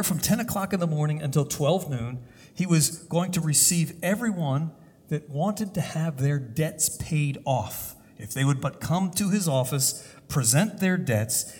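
A man tells a sermon story in a deliberate, halting way, pausing often. His voice is slightly high and husky. It rings with the long reverb of a large hall. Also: a little mellow. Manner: deliberate, with pauses and hesitations.

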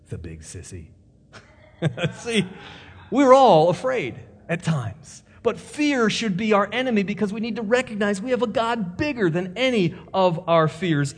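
A male pastor delivers an emphatic sermon in a fairly high voice, counting off his points and pressing rhetorical questions. His words ring out with a long reverb in what sounds like a church sanctuary. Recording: long reverb of a large hall.

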